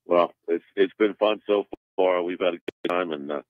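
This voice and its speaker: Guy calling in, real low voice, sounds like a phone line, rambles and restarts a lot. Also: no echo. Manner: rambling, halting storyteller. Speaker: phone-in guest. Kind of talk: casual chat.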